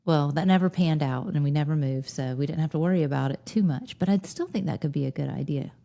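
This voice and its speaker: A woman in her thirties with a Lowcountry Southern accent, co-hosting a podcast and telling wry, nostalgic stories with frequent laughter. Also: quick pace, vocal fry, dark tone. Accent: Southern US (Lowcountry South Carolina). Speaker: podcast co-host. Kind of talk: casual nostalgic chat.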